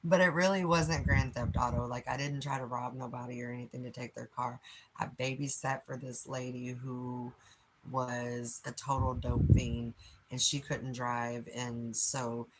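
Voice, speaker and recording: A woman's voice: extremely low pitch, little pitch movement, unhurried, a little hiss or hum, low-quality recording. A woman in her late forties with a Philadelphia accent, chatting frankly on a livestream, reading comments and laughing often. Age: 40s. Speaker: livestream host.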